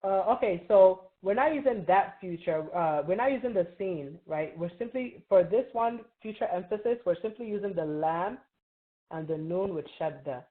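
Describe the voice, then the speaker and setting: A woman's voice: lowish voice, animated, moderate pace. A woman teaching an Arabic grammar review, patiently quizzing students and checking in with frequent "right?". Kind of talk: classroom review lesson. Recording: tinny phone-like online call.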